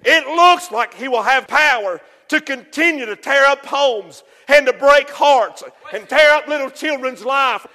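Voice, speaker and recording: A man preaching a sermon with passion, rising to shouts for emphasis. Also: very high-pitched, unhurried, hardly any pauses, in a large hall.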